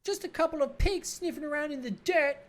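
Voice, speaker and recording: A woman's voice: high-pitched, a little fast, pitched above the performer's own voice, natural voice. A woman voicing a crude, cocky twelve-year-old boy who talks about himself in third person. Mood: sneering swagger.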